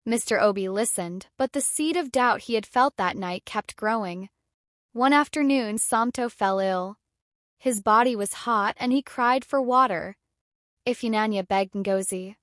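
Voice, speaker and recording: A woman narrating a dramatic folktale in a steady storytelling manner. Her voice sits fairly high. The sound is close and dry, with no room echo. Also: unhurried.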